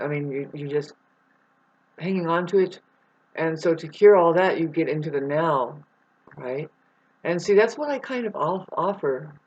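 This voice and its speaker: A woman with a low, slightly rough voice vlogs a rambling spiritual monologue, swearing freely and growing irate and loud. The recording is dull and lo-fi.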